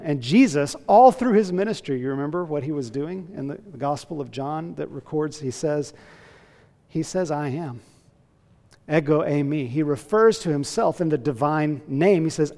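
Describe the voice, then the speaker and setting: A man preaching a sermon as a pastor, earnest and emphatic, slowing down to stress key phrases. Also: on the high side, mellow, long reverb tail.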